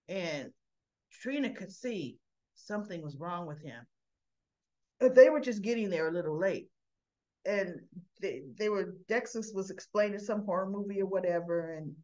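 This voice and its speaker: A woman casually retelling a soap opera episode in a chatty way, jumping up in pitch to act out the characters' lines. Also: normal speed, a little mellow, dull audio. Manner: chatty, acts out quotes with rising pitch. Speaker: soap opera recap vlogger.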